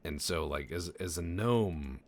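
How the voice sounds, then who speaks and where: A man's voice: low-pitched, expressive, measured pace. A young adult man giving casual, profane, joking commentary over a game he is playing, rambling into stories. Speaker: gameplay commentator. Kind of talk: casual let's-play commentary.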